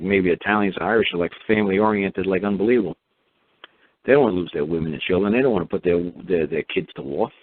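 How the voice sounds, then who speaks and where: Deep-voiced sarcastic man on a phone line. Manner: sarcastic, mocking; meandering, with frequent repeats and fillers. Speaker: talk show host. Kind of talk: rambling monologue. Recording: narrow phone-like sound, dry.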